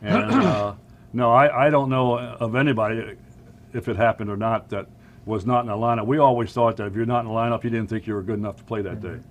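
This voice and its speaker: A man's voice: medium pitch, fairly quick. An older man, a former ballplayer, answering interview questions in a plain, matter-of-fact way. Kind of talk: interview chat.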